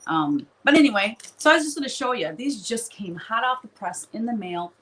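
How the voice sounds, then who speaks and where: A woman's voice: on the high side, lively intonation, brisk, fairly bright tone, a little hiss or hum, poor audio. A woman hosting a live stream from her studio, chatting casually in a rambling way and laughing often.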